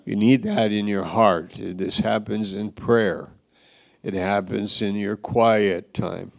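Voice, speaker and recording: A man delivers a sermon with a low, gravelly voice. He speaks slowly and deliberately, swinging from loud exclamations to hushed asides. It sounds like a church pulpit. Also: steady tone. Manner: dramatic, shifts from loud exclaims to quiet asides. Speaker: pastor.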